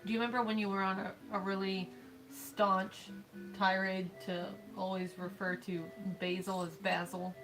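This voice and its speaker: A woman's voice: medium pitch, flat delivery, normal speed, low-quality recording. A woman with a mid-range voice jokes around on a livestream, teasing her partner and breaking into laughter. Faint game music plays behind her. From United States. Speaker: livestream co-host. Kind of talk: casual banter on a livestream.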